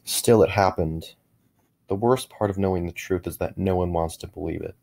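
A middle-aged man narrating a first-person horror story in a measured way, with frequent small restarts. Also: low-pitched, vocal fry, a little mellow.

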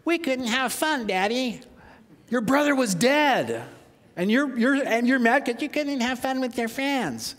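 A man's voice: very high-pitched, animated, unhurried, a bit bright, in a large hall, voice pushed up, exaggerated voice. A man voicing an exasperated father who scolds his grown son in disbelief. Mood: incredulous. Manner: incredulous, pleading.

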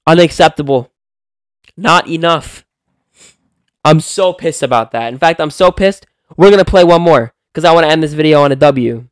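Young guy doing play-by-play of his own game, kinda high voice, cusses a lot, yells when stuff happens. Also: moderate pace, clean tone, no room sound. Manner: swears freely, swings from calm calling to loud outbursts. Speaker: gaming video creator.

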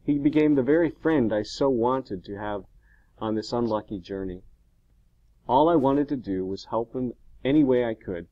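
A man's voice: mid-range voice, moderate pace, no echo, muffled recording. Man narrating a classic novel. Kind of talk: audiobook narration.

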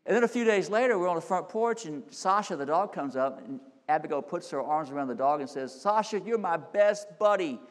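A middle-aged man, a senior pastor, preaching a sermon with folksy stories that climb into loud, emphatic peaks. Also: fairly high pitch, fairly quick, few pauses. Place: church sanctuary. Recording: long hall reverb.

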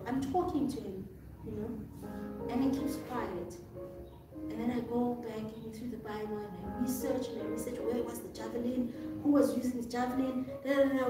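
Expressive high-voiced woman in an echoey hall. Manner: expressive storyteller, acts out voices, laughs often. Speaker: guest testifying. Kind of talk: animated testimony. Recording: echoey room from far off, music behind.

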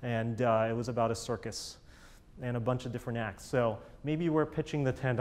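A man's voice: medium pitch, fairly even intonation, normal speed, a little mellow. A man coaching a chamber ensemble in a master class, encouraging and enthusiastic, singing out rhythms with syllables.

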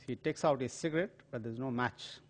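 An older man from India with an Indian accent, a diplomat telling anecdotes in a lecture in an auditorium, with some pauses and hesitations. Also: medium pitch. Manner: storytelling with acted quotes and pauses, some filler hesitations. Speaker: diplomat giving a talk.

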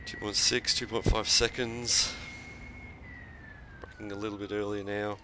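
A man, calmly talking through his sim race while driving, in short focused bursts between corners. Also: fairly low pitch, a little slow. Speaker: sim racing streamer. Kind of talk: live racing commentary while driving. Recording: noisy game audio behind.

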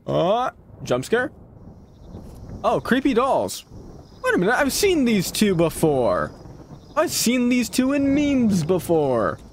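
A man comments on a horror game in a slow, drawn-out way, his pitch leaping up and down as the scares come. He is jumpy and loud-mouthed, swearing at the figures and talking back to the screen. It sounds like a streamer at his desk mic. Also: a little hiss or hum. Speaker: gaming streamer.

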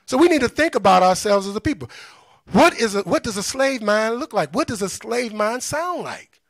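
Man, high-pitched, gravelly, dry close sound, impassioned talk, rhetorical questions, blunt. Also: lively intonation, moderate pace, no echo. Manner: emphatic, rhetorical questions, preacherly cadence; blunt and scornful. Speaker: speaker on liberation.

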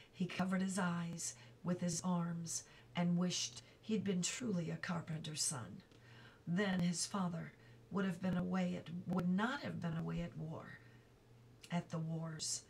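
A woman reading a children's book aloud, slowly and carefully, with small slips she stops to correct. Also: lowish voice, creaky, a little mellow, distant mic, a little hiss or hum, low-quality recording. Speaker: reader.

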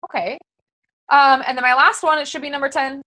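A woman's voice: high voice, steady tone, fast talker, sharp tone, no room sound, low-quality recording. A woman coaching fellow fitness coaches in a casual, very conversational way, full of fillers. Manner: very conversational, chatty with many fillers.

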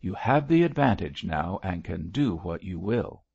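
A man reading the part of a disgraced young curate who answers doggedly and roughly. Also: sits low, animated, a little slow, a little mellow, heavily acted. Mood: sullen. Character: young male curate, sullen and defiant. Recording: dull lo-fi dry recording.

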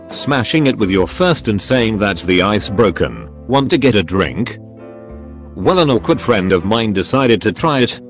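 A man narrating forum posts in an even, read-aloud storytelling delivery. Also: lowish voice. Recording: soft background music.

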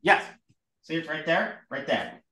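A man teaching a lively classroom lesson, drilling sounds aloud with his students. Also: fairly high pitch, measured pace, distant mic. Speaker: Sanskrit teacher. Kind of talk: classroom lesson with call-and-response. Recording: roomy echo in a classroom.

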